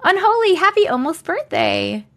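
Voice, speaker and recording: A woman's voice: extremely high pitch, very animated, normal speed, gravelly, a bit bright. A woman in her thirties hosting a casual live stream, bubbly and chatty, greeting viewers by name and reading their comments aloud into a desk mic. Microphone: desk condenser mic.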